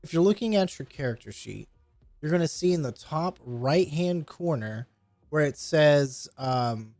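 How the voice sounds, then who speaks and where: A man's voice: on the high side, lively intonation, measured pace, darkish tone, no echo, faint music behind. A man running a tabletop game, patiently explaining rules and narrating scenes with loose fillers. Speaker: game master.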